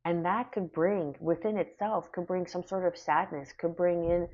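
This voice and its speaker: A woman's voice: on the low side, steady tone, normal speed, a little mellow, lo-fi sound. A woman doing a casual spoken tarot reading, rambling and reassuring with many fillers. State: hiccuping. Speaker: tarot reader.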